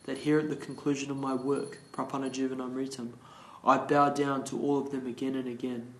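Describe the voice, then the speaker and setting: A man leading a morning class, reading scripture aloud slowly and carefully and explaining it, restarting some verse words. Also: medium pitch, flat delivery. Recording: roomy echo.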